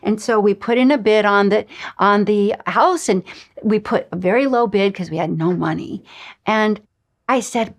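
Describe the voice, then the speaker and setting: A middle-aged woman teaches a spiritual lesson in her own voice, her pitch sitting in a plain middle range. She tells personal stories with animation, acting out the lines of each person in them. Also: moderate pace. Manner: animated storyteller, acts out dialogue.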